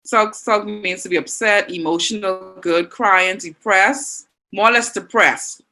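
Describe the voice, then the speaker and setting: A woman's voice: medium pitch, a little slow, bright, forceful tone, low-quality recording. Encouraging Bahamian woman teaching online. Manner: encouraging, reads out student answers. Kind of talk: online class lesson.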